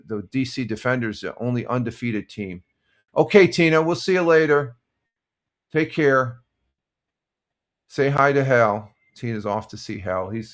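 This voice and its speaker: An older man hosting a casual live stream, chatting in a relaxed, rambling way with lots of fillers and restarts. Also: medium pitch. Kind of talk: casual morning chat reading sports scores and viewer comments.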